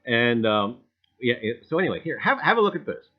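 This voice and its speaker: A man's voice: mid-range voice, big pitch swings, a little fast. A man hosting a casual livestream, folksy, repeating greetings and catchphrases as he welcomes viewers. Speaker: livestream host. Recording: dull lo-fi stream audio.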